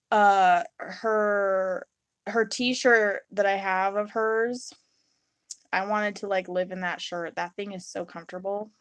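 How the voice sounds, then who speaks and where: A woman's voice: mid-range voice, dry recording. A young woman live-streaming her resin crafting in a casual, rambling chat. She reads and answers viewers' comments and acts out her own reactions in little quotes.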